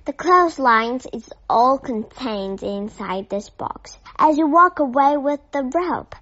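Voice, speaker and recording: A woman's voice: high-pitched, expressive, slow, fairly bright tone, dry recording, full character voice. A woman voicing a pompous, overly polite male shop assistant in a storybook reading. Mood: smooth, salesy. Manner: fawning, overly formal salesman. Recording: slightly dull lo-fi audio.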